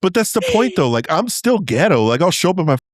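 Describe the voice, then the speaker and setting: A man's voice: high-pitched, quick pace, no room sound. A young man co-hosting a podcast in casual, joking chat, now and then dropping Spanish words. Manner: animated, joking, slips into Spanish. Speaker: podcast co-host.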